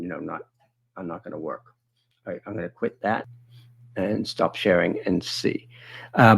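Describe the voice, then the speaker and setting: A man with a gravelly, fairly low voice hosts a live online session. He talks casually and thinks aloud as he clicks through a software demo. He stops now and then to take viewer questions. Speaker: webinar host demonstrating video software.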